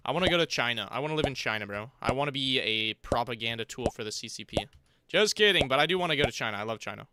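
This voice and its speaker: A man's voice: mid-range voice, expressive, very fast. A young man streaming a game, chatting casually with viewers in a rambling, joking, slang-heavy way. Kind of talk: casual livestream chat while gaming. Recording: loud background noise.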